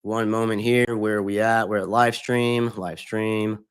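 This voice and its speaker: A man's voice: fairly low pitch, flat delivery, unhurried, slight background noise. Chummy male gaming streamer, upbeat. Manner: chummy, upbeat, greets chatters by name, swears casually. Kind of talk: casual live-stream chat.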